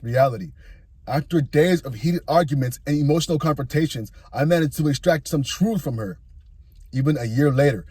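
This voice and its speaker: A man in his thirties reads out his own story in a slightly husky voice, fairly high for a man. The sound is dry and close, with almost no room around it. He adds dry asides between the sentences. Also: warm tone, dry recording. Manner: reading a written account with dry asides. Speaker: narrator. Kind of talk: narrated personal story.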